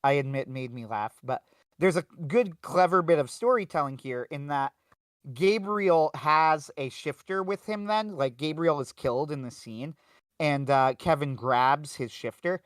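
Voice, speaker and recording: A man's voice: fairly high pitch, a little slow, dry recording, clean studio sound. A man co-hosting a livestream, talking casually about a film with lots of fillers and restarts. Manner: animated retelling with frequent fillers and restarts. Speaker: podcast co-host.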